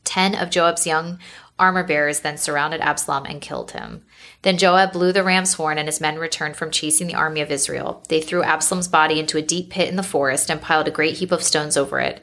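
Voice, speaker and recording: Woman, scripture reading, measured, lowish pitch. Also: fairly bright tone. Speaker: Bible reader.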